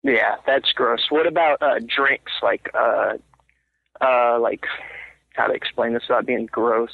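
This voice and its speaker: A man calls in by phone and asks his questions haltingly, with lots of filler words. His voice is mid-pitched, and the line sounds dry and tinny. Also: fairly even intonation, gravelly, breathy edge, dry recording. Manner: hesitant, full of "like" and "I don't know". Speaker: caller. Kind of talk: phone call chat.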